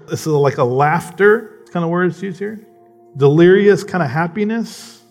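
A man's voice: sits high, normal speed, gravelly, darkish tone, faint music behind. A man preaching a conversational sermon, often checking in with "right?" and building to emphatic passages. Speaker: pastor.

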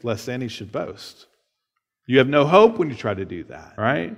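A man preaching a sermon in a casual, conversational way, often checking in with "right?" and laughing between points. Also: mid-range voice. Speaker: pastor. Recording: long hall reverb.

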